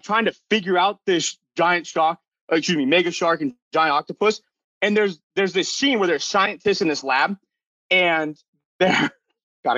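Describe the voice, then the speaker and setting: A man's voice: sits high, fairly bright tone, no echo. A young man on a podcast panel, chatting casually and telling a rambling, amused story. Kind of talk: casual chat. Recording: dull lo-fi recording.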